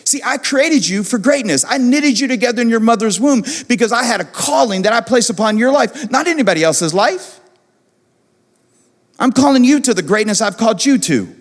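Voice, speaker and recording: Animated pastor preaching in a hall. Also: male voice, extremely high pitch, normal speed. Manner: animated, repeats phrases for emphasis. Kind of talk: sermon. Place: church auditorium. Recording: long church hall reverb.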